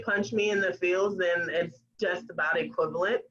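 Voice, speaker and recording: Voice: mid-range voice, fairly even intonation, moderate pace, hardly any pauses, fairly bright tone, dull audio, a little hiss or hum. A podcast guest in casual chat, earnest and enthusiastic, speaking over a video call.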